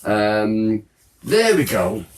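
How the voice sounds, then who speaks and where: A man's voice: fairly low pitch, sing-song, very slow. Chatty man, roomy and distant. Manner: chatty, laughs easily. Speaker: host. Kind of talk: casual chat about old music papers.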